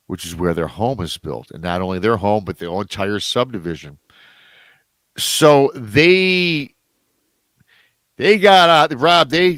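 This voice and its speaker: A man telling a story as a podcast guest in a casual way, animated, jumping up in pitch whenever he acts out what others said. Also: no room sound. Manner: animated, acts out quoted voices with big pitch jumps.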